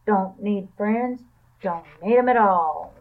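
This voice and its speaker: A woman's voice: mid-range voice, unhurried, lightly acted. A woman reading as a grumpy loner rat. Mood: curt. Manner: grumbling, curt. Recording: tinny phone-like sound.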